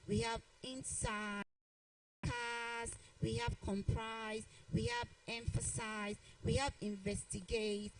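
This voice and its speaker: A woman giving a televised grammar lesson as a teacher, deliberately repeating each example sentence. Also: fairly high pitch, low-quality recording.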